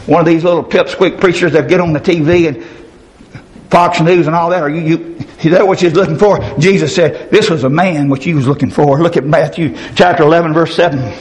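A high-voiced preacher, a middle-aged man, delivers a fiery revival sermon. He shouts in sudden high bursts, then drops into low, gruff stretches of talk. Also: poor audio.

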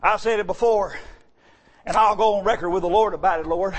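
A man's voice: high voice, fairly quick. A male pastor, preaching a sermon in an emphatic, folksy way. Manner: emphatic, folksy, bursts into shouting.

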